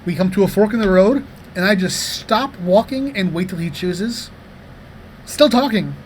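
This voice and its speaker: A man in his thirties co-hosting a comedy podcast, telling rambling, profane anecdotes in a casual, animated way. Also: high voice, moderate pace, a little hiss or hum. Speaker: podcast co-host.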